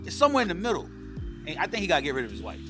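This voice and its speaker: High-voiced, profane male podcast host. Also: rapid-fire, music in the background. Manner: profane, animated, riffing. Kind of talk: comedic rant and podcast hosting.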